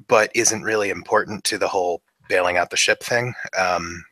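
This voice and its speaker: A man playing a tabletop game, halting and full of fillers. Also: sits low, sharp tone. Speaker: player. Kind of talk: casual tabletop play.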